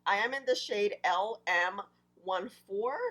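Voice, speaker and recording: A young woman vlogger with a fairly deep voice that still carries some morning heaviness. She talks chattily and excitedly straight to her viewers while she reviews makeup. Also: unhurried, rough recording. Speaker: beauty vlogger.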